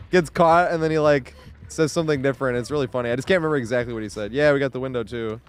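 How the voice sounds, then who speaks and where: A young man streams a game and chats casually in a very fast, smooth, medium-pitched voice, rambling, swearing a lot, and laughing often.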